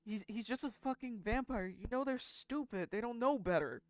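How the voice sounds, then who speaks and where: A woman's voice: a little high, normal speed, no echo, clean studio sound, voice pushed up, lightly acted. A woman voicing a panicky male fighter who stammers and repeats himself in a rush. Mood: pleading. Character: panicky frantic male fighter, protective of a vampire.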